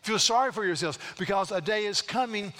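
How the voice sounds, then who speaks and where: A middle-aged man preaching a sermon to his church, earnest, slowing down to stress words and often repeating himself. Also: high-pitched, sharp tone. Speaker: pastor. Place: church sanctuary. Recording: long hall reverb.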